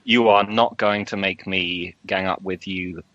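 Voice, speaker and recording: A man's voice: sits low, steady tone, measured pace, sharp tone, no echo. A man from Britain co-hosting a podcast, giving dry, curt retorts. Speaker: podcast co-host. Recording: dull, dry lo-fi sound.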